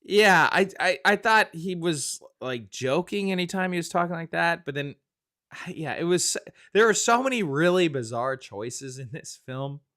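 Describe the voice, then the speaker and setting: A man co-hosting a casual movie podcast, talking in an excitable, exclamatory way. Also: a little high, a little slow. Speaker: co-host.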